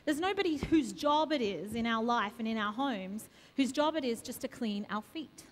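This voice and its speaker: A woman with a high voice delivers a sermon to her congregation. She leans on repeated questions to draw the listeners in. Her voice carries a long reverb from the church hall around her. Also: animated, normal speed, a little hiss or hum. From Australia. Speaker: preacher. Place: church sanctuary.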